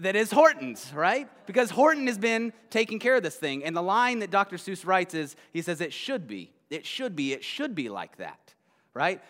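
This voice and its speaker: A male pastor giving a casual sermon, retelling a children's story in a conversational way and often checking in with a quick "right?". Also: on the high side, bright, forceful tone. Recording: long hall reverb.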